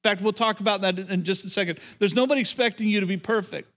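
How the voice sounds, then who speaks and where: A middle-aged pastor gives a sermon in a high, bright-ish voice at a quick pace. He repeats phrases and restarts sentences while calling out to the room.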